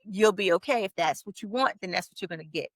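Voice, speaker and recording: A woman's voice: mid-range voice, fast talker, no echo. A woman talking as a marriage coach on a podcast, explaining earnestly. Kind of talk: podcast conversation.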